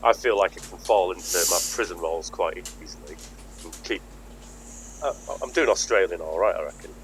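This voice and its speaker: A man's voice: low voice, fairly quick, fairly bright tone, slight background noise, poor audio. A man from Britain who runs a tabletop game, chatting in a rambling way and laughing often. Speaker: game master. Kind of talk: casual tabletop chat.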